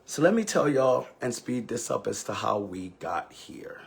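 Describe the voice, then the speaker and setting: A man's voice: medium pitch, big pitch swings, normal speed, gravelly, husky. A man who is a ballroom house mother, telling an emotional, candid and profane story on a live stream with sassy, dramatic delivery.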